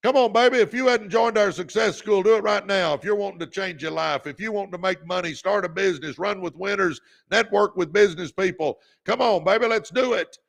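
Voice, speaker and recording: A man with a gravelly, slightly high voice, hosting a motivational livestream. He urges viewers on in a revved-up, preacher-like way and calls them out by name. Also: brisk, few pauses. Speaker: podcast host.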